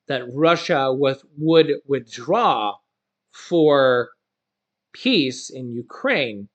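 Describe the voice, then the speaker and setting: A man's voice: fairly high pitch, fairly bright tone. A man reading news stories aloud and breaking off into casual, opinionated asides as a channel host. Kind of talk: reading news with personal commentary.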